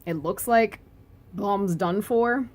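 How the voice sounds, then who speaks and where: A woman's voice: medium pitch, slow, darkish tone. Chatty, giggly woman reviewing a comic. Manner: chatty and giggly, with lots of "like" and "anyway"; playful and joking. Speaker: webcomic reviewer. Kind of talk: casual video review.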